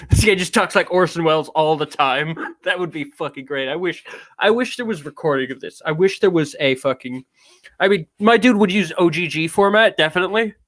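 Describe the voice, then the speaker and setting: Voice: mid-range voice, a little fast, fairly bright tone, no echo. Joking streamer, dry close sound. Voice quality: joking, swears freely. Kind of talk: casual chat.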